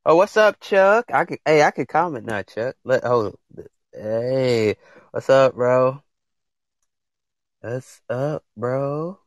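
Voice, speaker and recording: This young man hosts a podcast, speaking AAVE in a mid-range, expressive voice at a slow pace. The sound is dry and close with no room echo. He rambles passionately straight to viewers, mixing casual chat with preachy advice.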